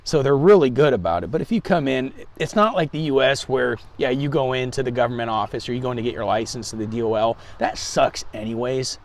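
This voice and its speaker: A man's voice: medium pitch, quick pace, hardly any pauses, a little hiss or hum. A man as an interview guest, telling travel stories loosely with hedges and restarts. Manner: loose storytelling, hedging, many restarts. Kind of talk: casual chat.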